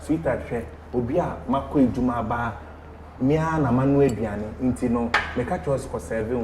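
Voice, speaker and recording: A man's voice: mid-range voice, big pitch swings, moderate pace, echoey room, background noise. A man with a Ghanaian accent, a panelist on a talk show, giving emphatic, preachy advice.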